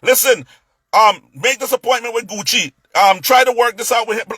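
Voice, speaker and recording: A man telling a story in a casual rant, animated, stumbling over repeated words and acting out what others said. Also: very high voice, moderate pace, slightly rough, dry recording.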